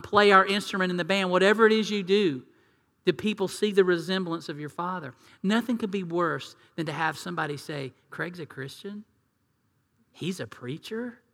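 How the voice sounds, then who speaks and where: Earnest pastor preaching in a reverberant hall. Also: male voice, sits high, fairly bright tone. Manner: earnest, conversational preaching with acted asides. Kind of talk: sermon. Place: church sanctuary.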